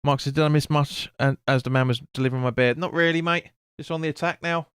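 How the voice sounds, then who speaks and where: A man's voice: on the high side, fairly even intonation, fast, smooth, no echo, studio quality. A man streaming a football watch-along, calling the play and answering chat bluntly with swearing. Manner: blunt, sweary, chatty with viewers. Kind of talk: live match commentary and chat reading.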